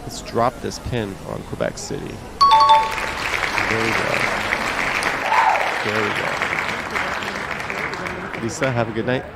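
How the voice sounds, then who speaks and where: A man's voice: lowish voice, steady tone, slow pace, vocal fry, long pauses, loud music behind the voice. A man hosting a casual live stream, joking and reading out viewer comments. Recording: loud street crowd and traffic noise.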